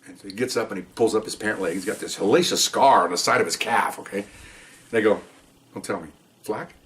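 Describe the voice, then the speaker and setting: A man's voice: fairly low pitch, fast, fairly bright tone. Older man telling rambling cop stories. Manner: rambling, keeps adding "okay?" checks. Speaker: police officer telling stories. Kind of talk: casual storytelling.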